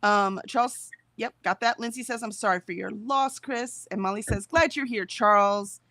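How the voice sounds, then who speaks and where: A woman's voice: medium pitch, moderate pace, sharp tone, no echo. A woman co-hosting a casual stream, chatting and reading viewer comments aloud, laughing often. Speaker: co-host of a productivity stream. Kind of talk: casual chat reading out live chat.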